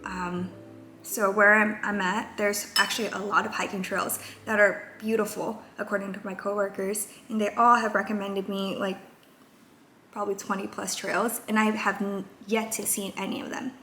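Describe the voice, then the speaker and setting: A young woman in her twenties talks in a candid, rambling way, filling her pauses with plenty of ums. Her voice sits at an ordinary middle pitch. The room echoes around her, with faint music underneath. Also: flat delivery, bright, forceful tone. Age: 20s. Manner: candid, rambling, many fillers. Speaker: vlogger. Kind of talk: casual confessional vlog. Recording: roomy echo, faint music.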